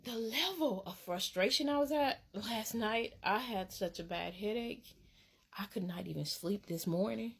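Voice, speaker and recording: A woman from Alabama, telling a casual storytime in an animated, dramatic way with laughs. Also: mid-range voice, unhurried, gravelly, husky. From Alabama, USA. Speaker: vlogger.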